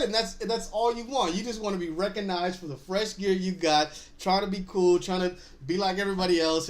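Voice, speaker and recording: A man in his thirties hosting a casual TV episode recap, chatty and laughing often as he retells scenes. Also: on the high side. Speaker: host.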